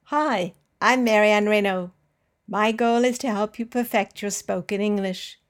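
A woman hosting an English pronunciation podcast, speaking with clear, careful enunciation and leading listen-and-repeat drills. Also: mid-range voice, a little slow. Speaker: English teacher and podcast host. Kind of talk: slow, deliberate pronunciation lesson.

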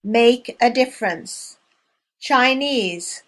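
A woman leading a language lesson drill, speaking slowly and clearly and pausing between words. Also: on the high side, expressive, a bit bright. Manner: clear, measured, spacing out each word. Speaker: language teacher. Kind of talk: slow, deliberate language drill.

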